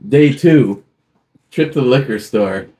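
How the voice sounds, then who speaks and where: A man's voice: mid-range voice, lively intonation, unhurried, dark tone. A man co-hosting a casual beer show, recounting stories in an easygoing way with bursts of quoted exclamations. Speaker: co-host of a beer review show. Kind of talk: casual banter, storytelling.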